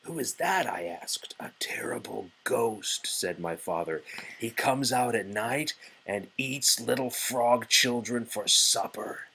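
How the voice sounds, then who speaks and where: A man's voice: mid-range voice, lively intonation, slow pace, pushed and bright, slightly rough, heavily acted, low-quality recording. A man doing a coaxing, teasing storybook frog. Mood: spooky. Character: calm, confident male frog, storyteller friend.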